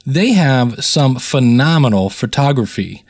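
A man's voice: medium pitch, animated, measured pace, a little mellow. An American man hosting a podcast in a chatty, rambling, self-deprecating way. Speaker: podcast host. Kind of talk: casual solo podcast talk.

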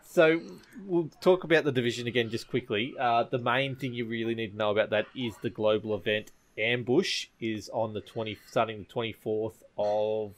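A man hosting a casual gaming podcast, talking in a relaxed, rambling way. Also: medium pitch, normal speed, few pauses. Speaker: podcast host.

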